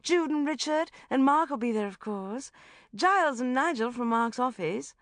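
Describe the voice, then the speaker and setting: A woman voicing an effusive posh socialite who gushes breathlessly in a high, loud voice, for an audiobook. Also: sing-song, normal speed, no room sound, studio quality, heavily acted. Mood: gushing.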